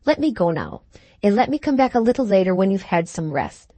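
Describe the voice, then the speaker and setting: Tearful timid teen girl, faltering and soft, dry close sound, as a woman reads her. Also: mid-range voice, sing-song, fairly quick, no room sound. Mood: gentle. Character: tearful gentle teenage girl, timid daughter.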